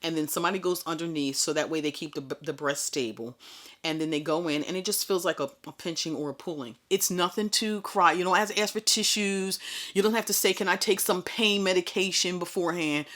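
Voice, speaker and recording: A woman's voice: on the low side, brisk, a bit bright. A middle-aged woman vlogger telling her own story in a chatty, candid way, full of asides. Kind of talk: casual personal storytelling.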